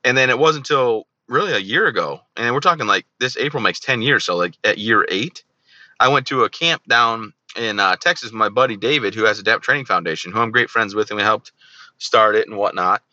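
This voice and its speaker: A man's voice: lowish voice, brisk, sharp tone, no room sound, muffled recording. A man in his thirties, a veteran guest on an interview show, telling his own story candidly and animatedly, often acting out remembered dialogue. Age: 30s.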